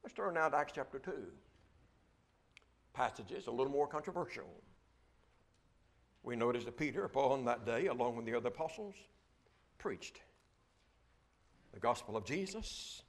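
A man's voice: mid-range voice, expressive, normal speed, long pauses. A man preaching a sermon, reading scripture and asking rhetorical questions with a repeated refrain.

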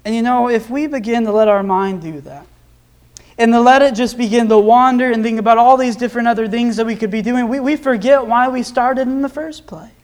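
High-voiced earnest young male preacher. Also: a little fast. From Nebraska, USA. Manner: earnest, rises in emphasis when quoting scripture. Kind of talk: sermon.

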